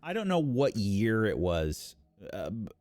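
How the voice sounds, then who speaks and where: Lively game master, mid-pitched, very dry close sound, thoughtful and sweary. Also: male voice, unhurried, dry recording. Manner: animated, reflective, swears. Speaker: game master and show regular. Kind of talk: casual podcast chat.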